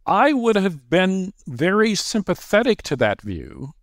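A man who is a guest author, explaining his views in a measured, lecturing way. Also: high voice, sing-song, dry recording, clean studio sound. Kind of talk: interview conversation.

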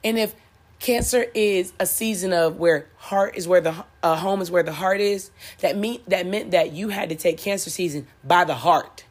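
A woman's voice: lowish voice, normal speed. Blunt, profane woman preaching self-help. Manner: blunt, profane, laughing at her own lines, repeats for emphasis. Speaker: spiritual motivational speaker. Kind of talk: preachy motivational monologue.

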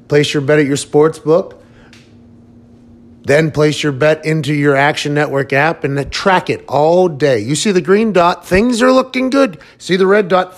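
A man in his thirties hosting a podcast, chatting casually and reading ads in a playful, upbeat way. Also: a little high. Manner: upbeat, playful salesman delivery in ad reads. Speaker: podcast host. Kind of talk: casual chat and read ad.

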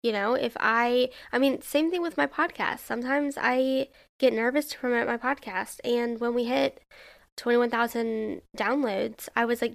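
Young woman doing her solo podcast, kinda high voice, lots of fry, rambly and second-guessing herself, says like a lot. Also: steady tone, moderate pace. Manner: rambling, self-questioning, heavy use of "like". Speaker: podcast host. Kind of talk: casual solo podcast monologue.

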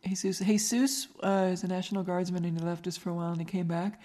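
A woman's voice: on the low side, little pitch movement, rapid-fire, warm tone. A middle-aged woman with a regional American accent, hosting a podcast and telling stories in casual chat, laughing often. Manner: chatty storyteller, laughs often. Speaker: podcast host.

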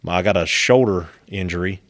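A man's voice: deep voice, a little fast. A man, a podcast guest chatting casually in easygoing, teasing banter. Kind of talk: casual chat.

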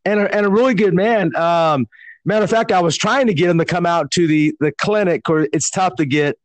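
A male podcast host with a slightly high voice talks casually with his guest. He stumbles and repeats words as he goes. The recording is dry and close. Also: brisk, no room sound. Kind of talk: casual interview chat.

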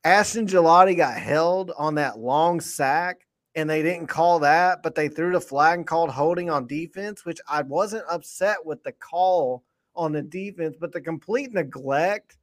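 A man, co-hosting a podcast and rambling excitedly after a football win, full of restarts. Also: a little high, measured pace. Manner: animated, rambling, lots of restarts. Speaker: podcast co-host. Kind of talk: excited postgame sports chat.

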